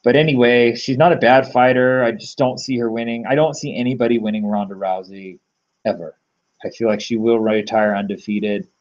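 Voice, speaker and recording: A man's voice: mid-range voice, steady tone, fairly quick, darkish tone, highs cut off. A man giving casual solo betting commentary, rambling through lots of fillers and restarts, blunt and sometimes swearing. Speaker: MMA betting tipster.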